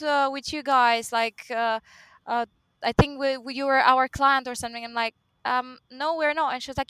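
A woman guest on a podcast, sharing a sales story in casual chat with halting restarts. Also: on the high side, steady tone, fairly bright tone, clear, resonant tone, no room sound. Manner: laughs often, halting restarts.

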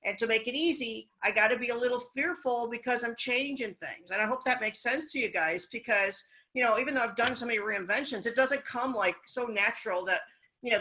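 A woman's voice: on the high side, pushed and bright, rough recording. A middle-aged woman business coach speaking candidly and encouragingly in a casual chat, sharing personal stories. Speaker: business coach and event host.

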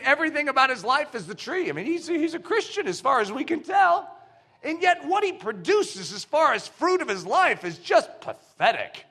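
Male pastor, 30s to 40s: bright, forceful, playful sermon delivery. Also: high voice. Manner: animated, playful and emphatic. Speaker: preacher.

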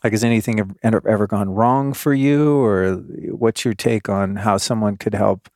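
A man's voice: on the low side, moderate pace, a little mellow, dry recording, clean studio sound. A man hosting a podcast, asking thoughtful, hedging questions in a conversational way. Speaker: podcast host. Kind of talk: conversational interviewing.

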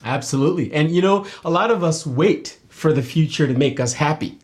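Animated, higher-voiced man guest. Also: fairly quick. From Nigeria. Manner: animated and storytelling, laughs often. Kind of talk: casual interview.

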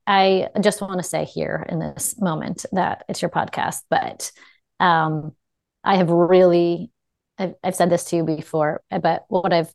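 A woman podcast guest speaking reflectively, with drawn-out phrasing and many fillers. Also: fairly low pitch, vocal fry, a little mellow, no echo. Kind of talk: casual conversation.

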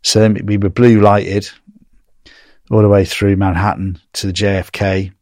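A man's voice: fairly low pitch, a little slow, no room sound, clean studio sound. An English man telling a story in casual conversation, acting out the dialogue as he goes. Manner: animated, acts out quoted dialogue.

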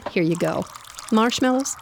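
A woman's voice: fairly high pitch, lively intonation, slow, gravelly, a little hiss or hum, exaggerated voice. A woman playing a flustered, practical wife in an audio drama.

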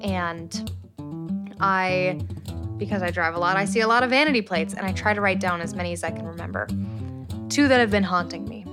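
A woman co-hosting a comedy podcast, telling stories in a slow, laid-back way and laughing often. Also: lowish voice, over loud music. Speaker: podcast co-host. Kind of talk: casual comedy chat.

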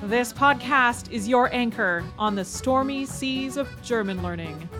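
Lady teaching on her podcast, reads a script, gets animated acting out learner questions. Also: unhurried, over music. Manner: expressive, acts out learners' questions in a higher voice. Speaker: language teacher and podcast host.

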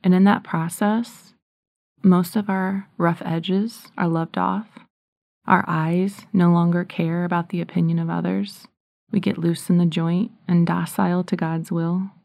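A woman's voice: lowish voice, flat delivery, unhurried, creaky, darkish tone, no echo, clean studio sound. A woman giving an earnest Catholic reflection on offering up suffering, sometimes dropping to a whisper. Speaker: Catholic speaker. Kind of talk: spiritual reflection.

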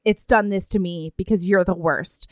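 A woman's voice: fairly low pitch, normal speed, no echo, studio quality, pitched below the performer's own voice, lightly acted. A woman retelling a book scene who voices a grumpy young heroine in an exaggerated, whiny way.

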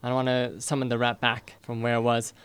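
A man playing a tabletop game, planning his moves aloud and quick to scheme. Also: medium pitch, completely flat delivery, fairly bright tone, smooth. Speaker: player.

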